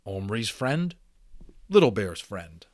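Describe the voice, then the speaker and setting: A man's voice: low-pitched, takes it slowly, no room sound, clean studio sound, heavily acted. A man reading aloud and voicing a tiny, proud warrior who speaks in terse, broken phrases. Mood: magnanimous. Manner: terse broken speech, dignified.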